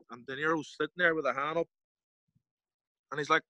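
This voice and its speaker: A man with a Derry Northern Irish accent, a podcast guest telling stories in a casual, animated way, acting out other people's lines and swearing freely. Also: fairly high pitch, fairly quick, pauses often, dry recording, rough recording. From Northern Ireland. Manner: animated, acts out quoted voices, swears casually. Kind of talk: casual storytelling interview.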